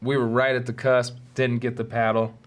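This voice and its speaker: A man hosts a solo podcast, speaking at normal speed in a medium-pitched voice with little pitch movement. His childhood stories come out candid, rambling, and self-deprecating.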